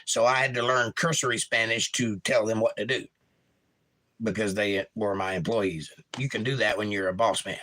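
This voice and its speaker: A man's voice: fairly low pitch, steady tone, moderate pace, sharp tone, poor audio. Jokey man reading chat on a livestream. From Florida. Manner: jokey, reads chat aloud with goofy voices. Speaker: livestream host. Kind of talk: casual chat reading viewer comments.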